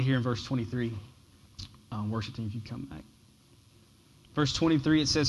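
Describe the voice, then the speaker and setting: Man preaching, loud to hushed swings. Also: medium pitch, slightly rough, rough recording. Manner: preaching with dynamic swings from loud emphasis to hushed near-whispers; repeats words when starting phrases. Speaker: pastor. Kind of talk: sermon.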